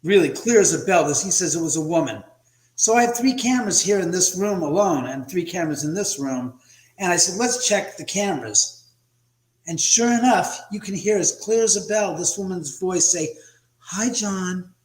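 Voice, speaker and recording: A man chats from home over a video call, his voice a bit higher than most men's. He tells his story with animation and acts out quotes, and the room around him gives a clear echo. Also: animated, brisk. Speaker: guest, house owner and author. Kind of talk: casual livestream chat.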